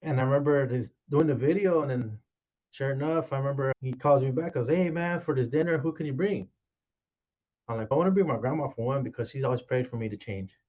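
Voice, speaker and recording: A man's voice: mid-range voice, fast. A man, a podcast guest, telling his life story casually and acting out quoted dialogue as he goes. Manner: animated retelling with quoted dialogue. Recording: dull, lo-fi sound.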